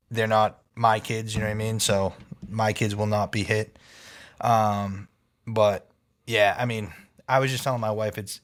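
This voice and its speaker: A man co-hosting a parenting podcast, chatting in a relaxed way and often saying "dude". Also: fairly low pitch. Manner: laid-back, says "dude" a lot, chuckles. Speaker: podcast co-host. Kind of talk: casual chat.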